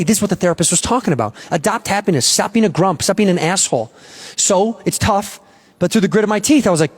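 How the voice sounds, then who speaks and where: A man's voice: high voice, fast talker. A man telling a long stand-up story on stage, acting out the voices of the people in it. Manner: animated, acts out voices in his story. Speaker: stand-up comedian.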